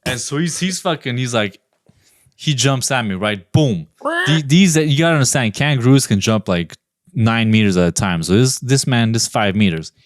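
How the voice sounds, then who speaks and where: A man's voice: medium pitch, expressive, moderate pace, no room sound, clean studio sound. A man on a podcast, rambling through a crude, absurd comic story with lots of swearing. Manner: rambling, profane, tells absurd stories. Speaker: podcast panelist. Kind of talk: casual comedic storytelling.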